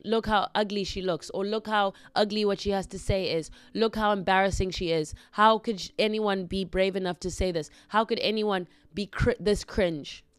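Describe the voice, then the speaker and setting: A woman hosting a podcast, speaking slowly and earnestly in a heartfelt, reflective monologue. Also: medium pitch, clear, resonant tone, no room sound. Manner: slow, earnest, gently encouraging. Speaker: podcast host.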